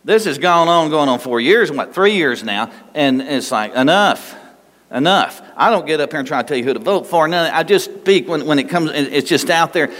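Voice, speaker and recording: A man preaching a sermon as pastor, animated and conversational, with asides. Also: on the high side, normal speed. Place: church sanctuary. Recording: long reverb of a large hall.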